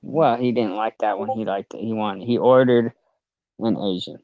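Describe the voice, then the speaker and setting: A man casually telling a long rambling story, halting and laughing as he goes. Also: on the low side, steady tone, no echo, dull audio.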